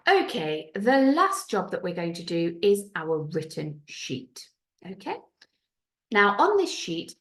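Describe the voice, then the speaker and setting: A woman teaching a primary school French lesson on video, speaking clearly and patiently, with careful French pronunciation. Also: low-pitched. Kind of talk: recorded classroom video lesson.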